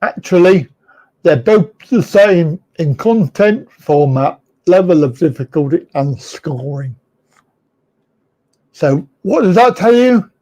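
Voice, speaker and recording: This middle-aged livestream host chats casually and without hurry, his voice a bit high but soft and mellow. Animated throughout, he speaks bluntly, drifts from point to point, and laughs frequently.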